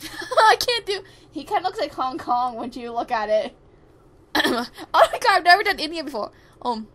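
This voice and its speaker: A woman playing and voicing a fan-made game, excitable, swearing and laughing at herself. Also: high voice, moderate pace. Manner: excitable, swearing, self-mocking. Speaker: game player. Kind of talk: fan game playthrough commentary.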